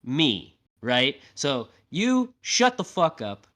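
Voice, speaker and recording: An angry woman boss snapping at a hero, blunt and full of swearing, as a man quotes her in his own raised voice. The pitch sits a little high and the words come out loud and pointed. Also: very animated, slow pace, exaggerated voice. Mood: furious. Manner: blunt, profane, shouting. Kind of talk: acted quote in a podcast recap.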